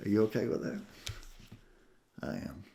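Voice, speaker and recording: A man preaching a sermon, telling a story with emotion and swinging from hushed tones to loud climaxes. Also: moderate pace. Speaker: pastor. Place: church sanctuary.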